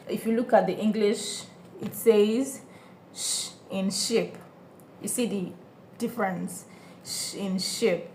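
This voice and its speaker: Woman teacher, beginner language lesson, very slow deliberate delivery, faint room hiss behind. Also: medium pitch, darkish tone. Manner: patient, repeats each sound slowly and checks understanding. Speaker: French teacher.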